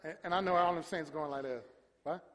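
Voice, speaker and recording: High-voiced preacher in a reverberant hall. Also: male voice, a little fast. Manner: animated preaching, acts out voices, shouts at peaks. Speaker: pastor. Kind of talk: sermon. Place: church sanctuary.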